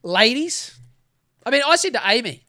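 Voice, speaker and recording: A man's voice: very high voice, very animated, moderate pace, pushed and bright. A middle-aged man, hosting a podcast and telling rambling, sweary stories in a laid-back way. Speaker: podcast host. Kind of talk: casual chat.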